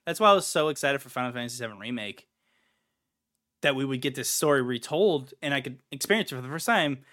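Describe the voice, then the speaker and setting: A man's voice: medium pitch, lively intonation, fast, fairly bright tone. A man co-hosting a casual gaming podcast, ranting in an exasperated way and swearing now and then. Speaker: podcast co-host.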